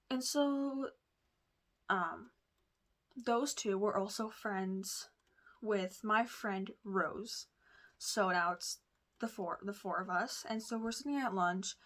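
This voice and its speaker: A woman vlogger chats through a personal story at a middle pitch, rambling and confiding. She backtracks, restarts her sentences and fills her pauses with "like" and "um.". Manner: rambling, lots of fillers and restarts; chatty, confiding. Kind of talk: casual storytelling.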